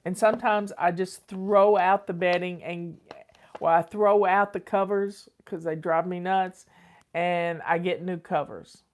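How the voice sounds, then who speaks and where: A woman's voice: lowish voice, steady tone, measured pace, darkish tone. An older woman, chatting casually and repeating herself as she answers viewer questions as host. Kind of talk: casual advice chat.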